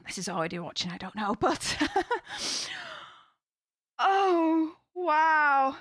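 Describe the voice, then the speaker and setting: A woman's voice: high-pitched, big pitch swings, normal speed, a bit bright, no echo, studio quality. A woman hosting a casual live stream, gushing with thanks to her viewers.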